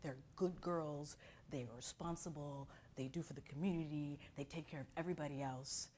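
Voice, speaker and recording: With slight background noise behind her, a low-pitched woman speaks at normal speed while teaching an acting class. She's middle-aged and from Miami, an expressive storyteller whose lively talk is full of anecdotes where she acts out each person's quotes.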